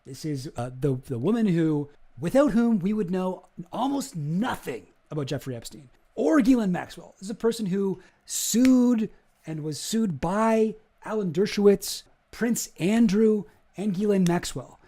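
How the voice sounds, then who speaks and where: A male streamer talking through deposition footage in an animated, profane and indignant way. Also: high voice, a little slow.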